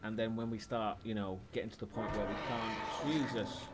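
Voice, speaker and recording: A man's voice: lowish voice, steady tone, a little fast, a little hiss or hum. A man with a British accent tinged with Welsh, chatting and swearing his way through a horror game on a live stream. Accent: British, slightly Welsh. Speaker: gaming streamer.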